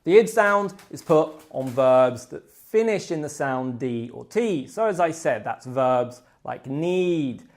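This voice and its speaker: An English teacher giving a pronunciation lesson, slowing down to demonstrate each word ending clearly. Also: medium pitch, animated, a little mellow.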